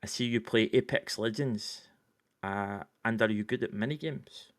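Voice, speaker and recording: A man's voice: lowish voice, lightly acted. A man playing a pompous, self-important male Discord regular, reading in a stiff, formal, smug way. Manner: stiff, formal, smug delivery with slow pauses.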